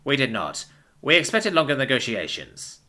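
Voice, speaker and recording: A man's voice: medium pitch, wildly swooping pitch, sharp tone, exaggerated voice. A man voicing a reserved male alien who speaks in faltering, broken English. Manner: halting, faltering phrasing.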